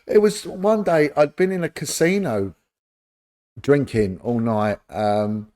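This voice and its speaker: A middle-aged man, telling lively stories as an interview guest and acting out the dialogue. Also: mid-range voice, slow pace. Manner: animated anecdote-telling, acts out quoted dialogue. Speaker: interview guest, former police officer. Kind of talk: casual storytelling.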